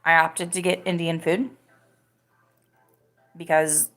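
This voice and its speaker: A woman's voice: on the low side, level tone, takes it slowly, a bit bright. A woman hosting a live podcast, chatting casually and rambling with lots of "like"s. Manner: rambling, filler-heavy talk with many "like"s. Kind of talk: casual live-stream chat.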